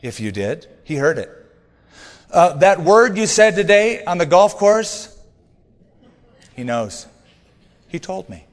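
A man's voice: high voice, sing-song, slow pace, long pauses, long reverb tail. A man preaching a sermon in a conversational, humorous way, reading scripture aloud between stories. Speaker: pastor.

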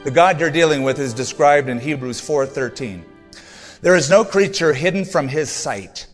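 A man's voice: a little high, lively intonation, moderate pace, big-room sound, soft background music. A man preaching a sermon in a conversational, humorous way, reading scripture aloud between stories. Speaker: pastor.

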